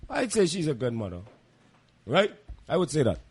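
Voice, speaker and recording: High-voiced man lecturing emphatically. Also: big pitch swings, moderate pace, darkish tone, breathy edge. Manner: emphatic, lecturing, repeats points; calls listeners "boy". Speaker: podcast co-host. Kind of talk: casual chat.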